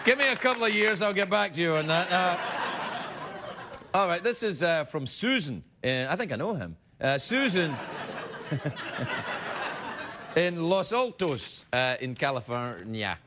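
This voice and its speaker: A man's voice: fairly high pitch, measured pace, pauses often, noisy background. A man hosting a late-night talk show, joking and rambling through a comic monologue and viewer emails. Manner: joking, rambling, animated delivery. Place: television studio with live audience. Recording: broadcast studio with loud audience laughter.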